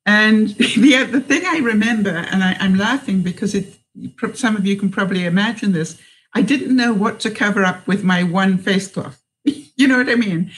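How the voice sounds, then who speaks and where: A woman's voice: mid-range voice, moderate pace, rough recording. A middle-aged woman vlogger telling a personal story, hesitant, with many fillers and restarts.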